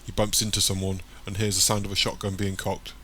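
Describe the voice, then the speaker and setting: A man reading an audiobook chapter in plain, even scripted narration. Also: low voice, brisk, breathy edge.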